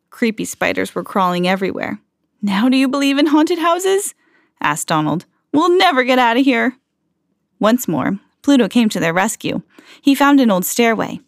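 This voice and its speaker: A woman hosting a read-aloud podcast, reading a children's storybook and slowing down for the suspenseful moments. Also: medium pitch, no echo, studio quality. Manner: slows down and swells for dramatic moments.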